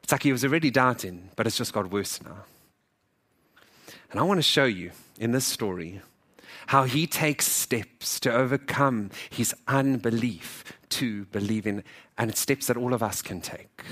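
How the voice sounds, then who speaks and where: A male pastor delivering a sermon in a conversational, animated manner. He shifts into character voices to act out the people in his story and jokes with the congregation. His voice sits at a middling pitch for a man. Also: moderate pace. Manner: animated, acts out quoted dialogue.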